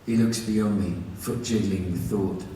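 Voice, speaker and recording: A man's voice: on the low side, steady tone, measured pace, warm tone, slight background noise. A man reading his own novel aloud in the first person, with a wry, conversational delivery. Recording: echoey hall from far off, faint ambience.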